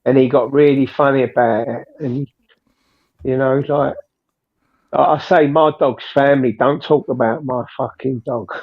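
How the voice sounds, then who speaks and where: A slangy, sweary man talks bluntly on a live stream with a gravelly, husky voice pitched a bit high. His sound comes through dull and lo-fi. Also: steady tone, normal speed. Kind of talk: casual chat. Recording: dull lo-fi mic.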